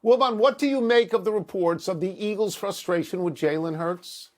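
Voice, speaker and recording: A man's voice: high-pitched, normal speed. An older man co-hosting a sports talk show, sardonic and dry, reading out quotes and posing questions.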